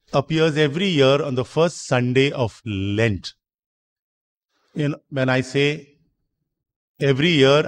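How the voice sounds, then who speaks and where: A man preaching a sermon in a church, explaining slowly, repeating himself and asking rhetorical questions. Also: mid-range voice. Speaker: priest.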